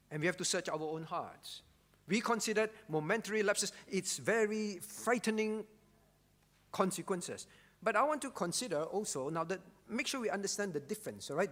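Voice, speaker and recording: High-voiced pastor preaching in a reverberant hall. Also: male voice, fairly bright tone. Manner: emphatic, repeats key phrases, frequent rhetorical "all right?". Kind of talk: sermon. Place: church.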